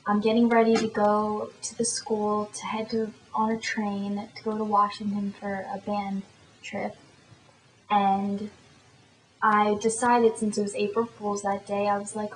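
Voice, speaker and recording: A woman's voice: mid-range voice, little pitch movement, unhurried, reverberant, slight background noise, poor audio. A teenage girl vlogger telling a story in a chatty, rambling way. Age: teens. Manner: chatty and rambling, lots of fillers. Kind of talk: casual storytelling to camera.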